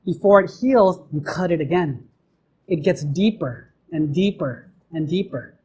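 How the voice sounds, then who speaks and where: A man's voice: a little high, measured pace, a little mellow, husky, low-quality recording. A man, a monk, giving a question-and-answer dharma talk in a temple, playful and acting out little everyday scenes. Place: temple hall.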